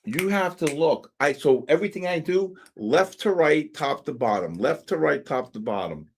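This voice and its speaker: Male host, fairly high voice, excitable, exclaims and repeats points while reading charts live. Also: moderate pace, slight background noise. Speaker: trading livestream host. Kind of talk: live trading commentary.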